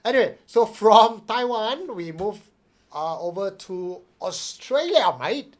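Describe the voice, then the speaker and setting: A relaxed man chats and jokes on a podcast, often laughing. He also reads news stories aloud at an easy, conversational pace. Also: high-pitched, slow pace. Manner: laid-back, jokey, laughs often. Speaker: podcast co-host. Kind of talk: casual chat and reading news aloud.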